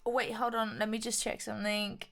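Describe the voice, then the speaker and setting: A woman's voice: a little high, flat delivery, a little fast, a bit bright, soft background music. A woman playing a tabletop game, talking casually and checking rules aloud. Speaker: player.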